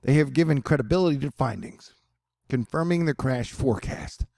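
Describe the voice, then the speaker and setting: A man's voice: medium pitch, moderate pace, creaky, a little mellow, no echo, clean studio sound. A man reading and joking through a news story in a casual commentary, rambling into asides.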